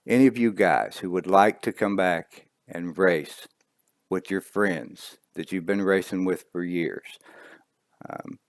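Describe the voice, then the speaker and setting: Man, very low voice, earnest, halting, repeats words, dry close sound. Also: no echo. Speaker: league admin. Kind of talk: emotional video statement.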